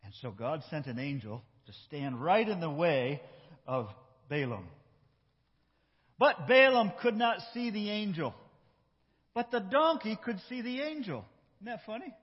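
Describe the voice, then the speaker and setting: A man acting out a Bible story with children in a church, animated and coaching his young helpers. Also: high voice, a little slow, pauses often, breathy edge. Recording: echoey hall, dull lo-fi sound.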